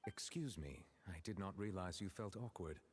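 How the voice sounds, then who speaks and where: A man voicing a dignified chief justice who speaks in a formal, measured, courteous way. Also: low-pitched, lively intonation, a little mellow, slight background noise. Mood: polite.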